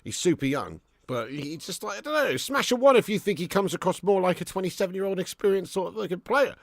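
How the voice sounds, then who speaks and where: Male streamer, raised-pitch gravelly voice, loose sweary banter with chat, dry close sound. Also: animated, fast, dry recording. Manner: chatty banter reading out viewer comments, swears and laughs often. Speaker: live-stream host. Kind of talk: casual live watch-along chat.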